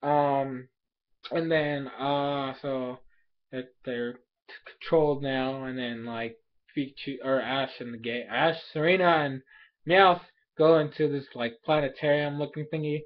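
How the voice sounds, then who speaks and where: A young man casually recapping an anime episode in a rambling, animated way, full of fillers and quick asides. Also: medium pitch, lo-fi sound. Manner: rambling, animated, filler-heavy, laughs often.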